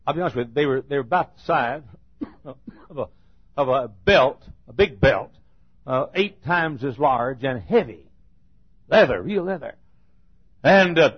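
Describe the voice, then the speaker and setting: Husky-voiced preacher man, lo-fi. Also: on the high side. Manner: rambling folksy storytelling that builds to loud shouting. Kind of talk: sermon. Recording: dull lo-fi sermon recording.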